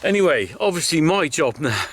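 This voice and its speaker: A man's voice: on the high side, sing-song, brisk, slight background noise. A middle-aged man, a farmer vlogging outdoors by his hedgerows, talking in a chatty, heartfelt, rambling way with sighs. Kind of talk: casual walk-and-talk vlog.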